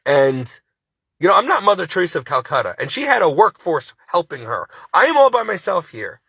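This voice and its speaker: A man's voice: sits high, sing-song, fairly quick, vocal fry, pushed and bright, husky, no echo. A sleep-deprived man working as a part-time caregiver, venting to camera in a rambling, exasperated, pleading way. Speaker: devout Christian.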